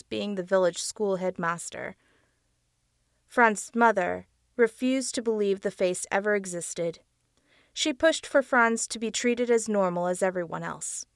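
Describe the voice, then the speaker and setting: A woman narrating a dark audiobook story in a measured storytelling voice. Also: mid-range voice, no echo, studio quality. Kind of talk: scripted narration.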